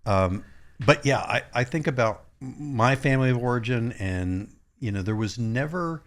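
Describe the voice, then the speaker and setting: A man's voice: medium pitch, animated, moderate pace. A man, a therapist co-hosting a podcast, reflecting in casual talk and telling wry anecdotes. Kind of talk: casual conversational storytelling.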